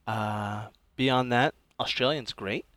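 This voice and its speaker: A man chats as a podcast guest in a mid-pitched voice, recorded dry with no room sound. He speaks in a relaxed, hesitant way, filling his pauses with "uh.". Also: no echo. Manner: relaxed, hesitant with many fillers. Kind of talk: casual chat.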